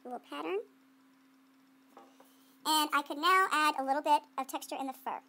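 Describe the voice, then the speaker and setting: A woman's voice: high voice, moderate pace, pushed and bright. A woman art teacher giving a playful running commentary while she demonstrates clay sculpting to students.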